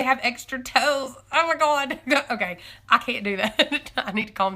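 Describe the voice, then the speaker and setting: Young woman chatting on a farm livestream, bright voice, rambly and excitable, giggles a lot. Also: sits high, a little slow. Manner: chatty and excitable, laughs often; rambling, self-correcting, thinking aloud. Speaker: homesteading live-stream host. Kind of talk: casual live-stream chat with viewers.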